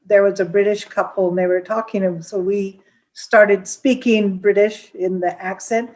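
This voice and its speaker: A woman's voice: medium pitch, fairly even intonation, a little mellow, rough recording. A woman co-hosting a radio chat, asking questions and chiming in eagerly. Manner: eager, quick back-channel replies. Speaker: radio co-host. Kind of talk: casual chat.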